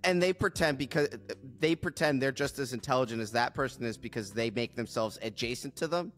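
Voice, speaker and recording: A man co-hosting a podcast in casual chat, musing aloud in a halting way with frequent restarts. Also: medium pitch, fairly bright tone. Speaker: podcast co-host.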